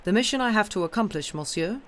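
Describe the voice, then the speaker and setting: A woman's voice: medium pitch, animated, fast talker, slight background noise, pitched above the performer's own voice, lightly acted. A woman reading aloud as a wary, insistent male police agent with formal, pressing questions.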